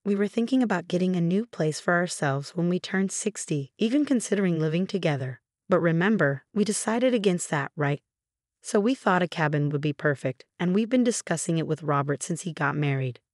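Brief: woman doing cheerful older in-laws, chatty, lowish, dry read. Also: animated, fairly quick, a little mellow, no room sound. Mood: grateful. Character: grateful older parents-in-law, excited.

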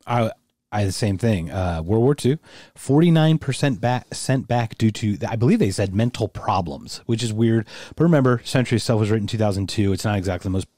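A man co-hosts a casual podcast chat in a low, warm, mellow voice. He thinks out loud, circles back with restarts and leans hard on his points. The sound is dry and close, with no room. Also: animated, fairly quick, no echo. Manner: thinks aloud, rambling with restarts, emphatic. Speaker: podcast co-host.

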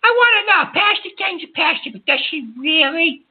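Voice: very high-pitched, animated, fairly quick. A performer voicing a hot-tempered uncle who hosts a call-in show and scolds and hangs up on callers. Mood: ranting. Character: excitable Italian-American uncle, a man. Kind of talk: prank call-in radio banter. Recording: tinny phone-line sound.

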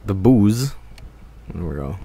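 A man's voice: deep voice, lively intonation, slow, warm tone, slight background noise. A young man giving casual live gameplay commentary, rambling and full of fillers. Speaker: streamer.

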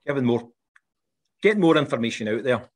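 A Scottish teacher explaining his classroom methods in an interview, animated and full of quick restarts. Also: medium pitch.

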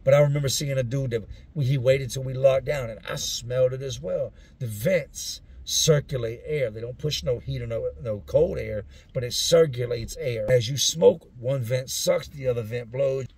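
A man's voice: medium pitch, normal speed, few pauses, darkish tone, husky. A man telling stories from his own past in a casual way, using street slang. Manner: street slang, acts out other people's voices. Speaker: storyteller recounting his prison years. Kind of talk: casual spoken storytelling.

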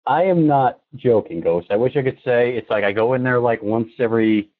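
A man's voice: mid-range voice, fairly quick. A man calling in to a radio show and chatting in a casual, friendly way. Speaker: caller. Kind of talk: call-in chat. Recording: tinny phone line.

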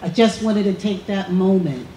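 A woman who leads a church community group, giving an impassioned speech at an outdoor rally with a slow, emphatic, repeating cadence. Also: medium pitch, warm tone. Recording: echoey outdoor PA sound with faint traffic.

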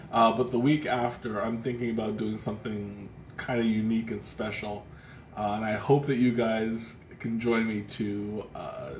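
A man with a lowish, slightly mellow voice hosts a casual live tea tasting on a livestream. He rambles thoughtfully, with frequent restarts and fillers, in a roomy recording with echo and faint background noise.

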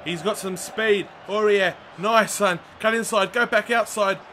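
Young guy, gameplay commentary, high-pitched, bright edgy tone, shouts when excited. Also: measured pace, a little hiss or hum. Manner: excitable, shouts at big moments, chatty. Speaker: gaming video host.

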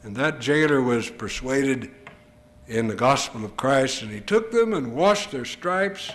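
A man's voice: medium pitch, animated, a little slow, fairly bright tone. An older male preacher delivering an earnest, emphatic sermon full of rhetorical questions. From United States.

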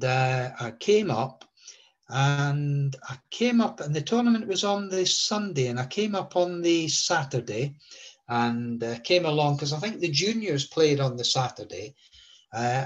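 A man in his seventies from Scotland, recalling old anecdotes in an interview with a rambling, halting delivery. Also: fairly high pitch, lo-fi sound. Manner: rambling, many fillers and restarts.

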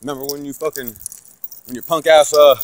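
A man ranting profanely and aggressively about God and church, swinging from loud outbursts to low muttering. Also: fairly even intonation, a little fast. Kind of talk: profane religious rant to camera.

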